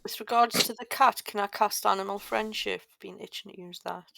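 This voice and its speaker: Gravelly-voiced female player, eager and inquisitive. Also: mid-range voice, steady tone, fairly quick, noisy background. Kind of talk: casual chat at a game table.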